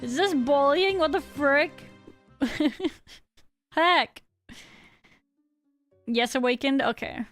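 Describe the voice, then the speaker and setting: A woman's voice: high voice, slow pace, pauses often, a bit bright, no room sound, studio quality, soft background music. A woman in her thirties streaming a game, chatting casually and rambling as she answers her chat, with a slightly sick voice.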